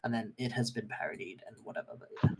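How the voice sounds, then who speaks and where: A man chatting casually on a podcast, jokey and animated. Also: lowish voice, fast, gravelly, noisy background. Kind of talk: casual chat.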